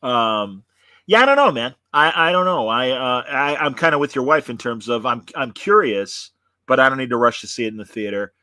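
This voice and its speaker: A man's voice: mid-range voice, expressive, normal speed, pushed and bright, no room sound. A man hosting a casual online talk show, rambling with many fillers and restarts as he chats and signs off. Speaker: host. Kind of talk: casual chat.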